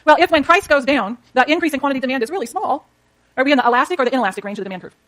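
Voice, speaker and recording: A woman's voice: high voice, lively intonation, rapid-fire, a bit bright. A woman teaching an economics class, explaining step by step while she draws graphs and talks to her students. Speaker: economics lecturer. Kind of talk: classroom lecture.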